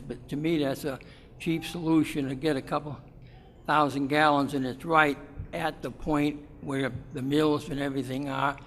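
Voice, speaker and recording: Resident at a town meeting, man with a slightly high voice, halting, reverberant hall. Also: a bit bright, slight background noise. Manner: halting, explanatory, with fillers. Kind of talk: public comment.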